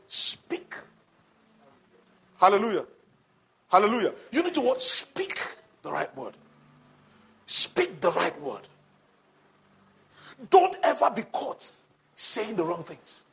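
A male preacher delivering a call-and-response sermon that builds to shouting. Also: extremely high pitch, gravelly, husky.

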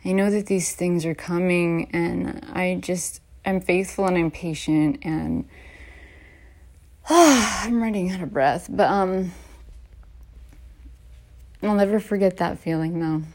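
A woman in her late thirties talking in a casual, heartfelt and rambling way as a vlogger, often laughing softly between restarts. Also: on the low side, slow pace, long pauses. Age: late 30s. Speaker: vlogger and podcaster. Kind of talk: casual heartfelt personal talk.

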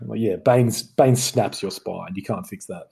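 A man co-hosting a casual film chat, animated, acting out quotes as he talks. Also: fairly low pitch, a little slow, gravelly, breathy edge. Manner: animated, acts out lines mid-sentence. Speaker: podcast co-host.

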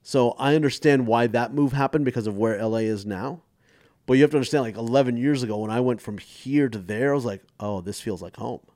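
A man's voice: medium pitch, fairly quick, no echo, studio quality. A man in his forties, a comedian, telling stories in casual podcast chat and acting out the voices of people he quotes. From United States. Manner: animated storyteller acting out quotes. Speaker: guest comedian.

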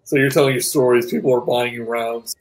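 Male game master, casual narration, halting, mid-range pitch. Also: fairly even intonation, low-quality recording.

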